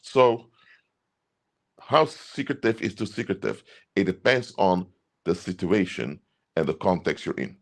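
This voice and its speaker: Deep-voiced man giving earnest advice. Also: animated, a little slow, long pauses. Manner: earnest, emphatic, repeats points. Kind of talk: advice talk to camera.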